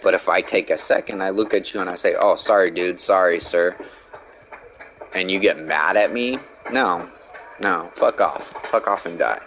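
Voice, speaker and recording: A man's voice: sits low, normal speed, a bit bright, a little hiss or hum, low-quality recording. A man streaming a game, ranting bluntly in casual talk and swearing a lot. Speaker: gaming streamer. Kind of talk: casual rant while gaming.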